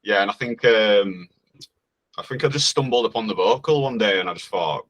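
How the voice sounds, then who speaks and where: A man's voice: on the low side, expressive, moderate pace, a bit bright, dull audio. A man with a Northern Yorkshire accent, a music producer guest talking modestly in broad dialect. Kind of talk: casual interview chat.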